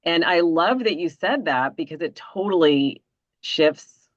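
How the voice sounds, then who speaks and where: A woman's voice: fairly low pitch, expressive, unhurried, no echo. A woman, a podcast host and mother, talking in an earnest, rambling way full of fillers while close to tears. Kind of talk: casual conversation. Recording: dull lo-fi sound.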